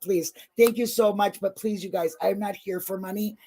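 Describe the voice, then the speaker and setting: A husky woman chatting on a livestream, her voice a little breathy. She is openly emotional and effusive, and blunt enough to swear when something bothers her. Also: medium pitch, steady tone, moderate pace, hardly any pauses, darkish tone. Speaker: true crime channel guest. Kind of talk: casual livestream chat.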